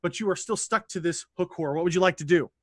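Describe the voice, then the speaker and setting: A man running a streamed tabletop game as dungeon master, animated, laughing and swearing freely. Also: high-pitched, quick pace, dry recording, clean studio sound.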